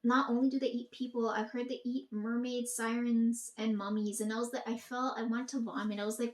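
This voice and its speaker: A woman's voice: on the high side, level tone, brisk, few pauses. Swearing, rambling woman in an echoey room. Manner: swears often, rambling and emphatic. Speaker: vlogger talking to her audience. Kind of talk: casual rambling monologue.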